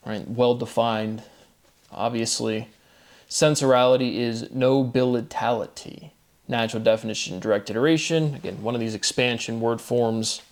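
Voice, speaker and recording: A man giving a solo monologue of word derivations, methodical and repetitive, his voice dropping quietly at the end of each set phrase. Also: mid-range voice. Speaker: host. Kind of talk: solo recorded commentary.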